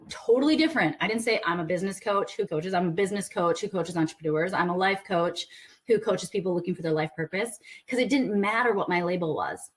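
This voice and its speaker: A woman business coach giving a conversational talk to a group, earnest with playful asides. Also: mid-range voice.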